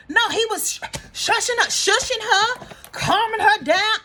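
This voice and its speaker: Houston woman, young, casual recap vlogger, lively swooping delivery, keeps repeating herself. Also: very high-pitched, moderate pace. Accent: Houston, Texas. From Houston, Texas. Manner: emphatic and repetitive, Southern slang. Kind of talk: casual reaction commentary.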